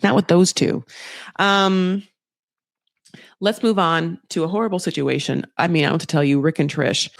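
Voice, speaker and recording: A woman's voice: fairly low pitch, measured pace, creaky, no room sound, studio quality. A young woman hosting a podcast, recapping a reality show in casual chat and acting out quotes in mocking voices, often swearing. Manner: animated, profane, acts out quotes in shifting voices.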